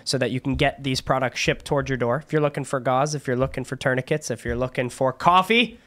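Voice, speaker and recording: A man appearing as a guest on a talk show, giving an upbeat pitch for his business. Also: fast talker, pushed and bright. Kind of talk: casual studio talk show.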